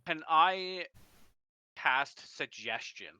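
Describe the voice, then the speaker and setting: A man's voice: on the high side, animated, very slow, bright, forceful tone, clear, resonant tone, dry recording, dull audio. A man playing a tabletop game, joking and confident about his moves. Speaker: player.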